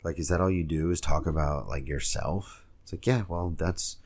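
A man's voice: very deep voice, normal speed, darkish tone. A young man, a stand-up comic hosting his own podcast, telling a rambling story full of fillers, talking alone at home. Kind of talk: casual solo podcast rant. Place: home room, girlfriend nearby.

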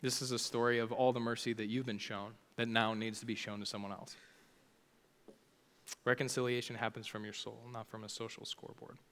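A man's voice: medium pitch, fairly bright tone, long reverb tail. A man preaching a casual sermon, talking informally with lots of "like" fillers. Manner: chatty, informal, many "like" fillers.

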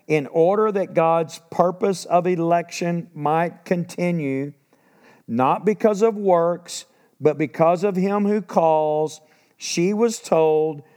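A man's voice: on the high side, darkish tone, smooth. A middle-aged man preaching a sermon, reading scripture aloud and then explaining it in casual asides. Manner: reads verses then breaks into casual asides.

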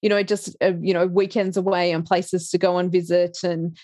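A woman's voice: on the low side, flat delivery, normal speed, dark tone, no room sound, studio quality. A middle-aged woman, chatting casually as an interview guest, laughing often and restarting her sentences. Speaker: interview guest, life coach.

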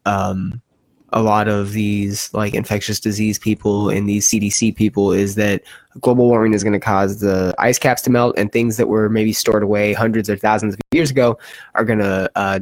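A man's voice: on the low side, no echo, clean studio sound. Joking, cursing male podcast host. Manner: joking, profane, laughs often. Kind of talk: casual podcast chat.

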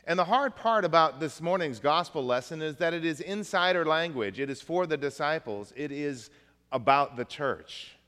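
A man's voice: a little high, expressive, normal speed, fairly bright tone. Conversational male pastor in echoing church. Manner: conversational, folksy, tells jokes. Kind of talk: sermon.

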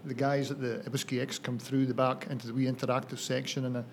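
A man in his fifties with a broad Banffshire Scottish accent talks warmly and easily as a podcast guest. His pitch sits in the ordinary middle for a man, and a faint hiss lies under the voice. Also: level tone, fast. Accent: northeast Scottish, Banffshire. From Scotland. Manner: friendly, chatty, frequent uh and um. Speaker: master distiller, guest. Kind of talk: casual podcast chat.

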